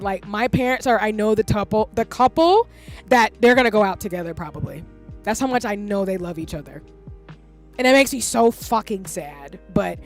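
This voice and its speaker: A woman in her thirties chatting casually on a livestream, rambling and candid and swearing freely. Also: mid-range voice. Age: 30s. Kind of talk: casual stream chat.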